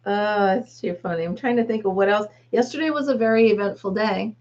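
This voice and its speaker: A woman's voice: medium pitch, a little mellow, dull audio. A woman in her fifties, a grandmother, hosting a casual live chat with viewers, rambling and laughing often. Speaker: livestream host.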